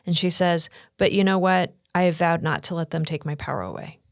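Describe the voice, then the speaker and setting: A middle-aged woman with a lowish voice recounts her experiences in an earnest, animated way, slipping into the voices of people she quotes. The sound is close and dry, with no room around it. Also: fairly quick, creaky, dry recording. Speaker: guest speaker and coach. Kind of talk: podcast interview storytelling.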